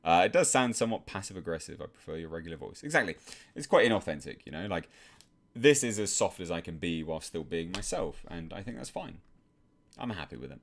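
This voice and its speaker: A live-stream host with an English accent reads chat questions and answers in a measured, soft-spoken way, using many fillers. His voice sits low, and he's very animated.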